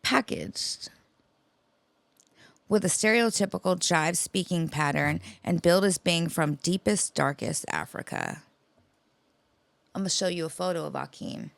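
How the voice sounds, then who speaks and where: A woman's voice: lowish voice, big pitch swings, a little slow, creaky, pauses often, dry recording. A woman co-hosting a podcast, telling a long story in a profane, rambling casual chat. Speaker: podcast co-host.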